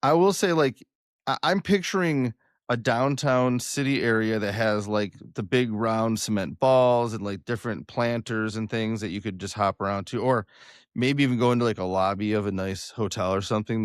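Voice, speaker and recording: A young man hosting a podcast, joking loudly with a flat announcer-like delivery. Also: lowish voice, normal speed, smooth, dry recording, studio quality. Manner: loud, joking, self-described monotone announcer delivery. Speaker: podcast host. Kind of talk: casual podcast chat.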